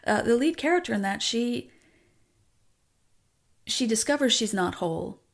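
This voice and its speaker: A woman songwriter and author in a candid personal conversation, talking frankly and emotionally, swearing, with halting restarts. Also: on the high side, expressive, vocal fry.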